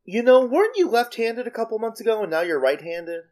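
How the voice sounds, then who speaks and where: A woman's voice: on the high side, sing-song, a little fast, darkish tone. A young woman co-hosting a casual podcast, with dry, wry humor. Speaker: podcast co-host. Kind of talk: casual chat.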